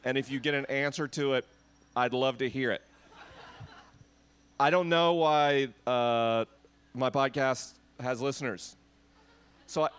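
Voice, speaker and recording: A man's voice: on the high side, fairly bright tone, clean tone. A man hosting a live podcast Q&A on an outdoor festival stage, joking and self-deprecating with the crowd. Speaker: podcast host.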